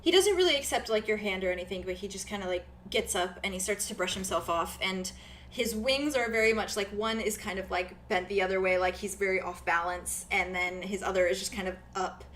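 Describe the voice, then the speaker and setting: A woman running a tabletop game, describing a scene in a loose, chatty way with many "um"s and "like"s. Her voice is bright and clear, at a middle pitch. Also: a little fast, slight background noise. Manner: chatty, lots of fillers and likes. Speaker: game master.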